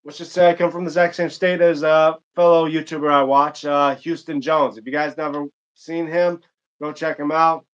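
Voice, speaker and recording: A man's voice: fairly high pitch, flat delivery, moderate pace, clean tone, muffled recording. A man from Michigan chatting loosely with viewers during a live gaming stream, rambling with many fillers and restarts. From Michigan, United States. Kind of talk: casual live-stream chat while gaming.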